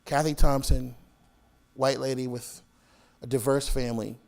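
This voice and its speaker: A man giving an author talk to an audience, telling lively stories with laughter and acted-out voices. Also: medium pitch, a little slow, gravelly. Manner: animated, laughing, acts out voices in anecdotes. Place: public hall with audience.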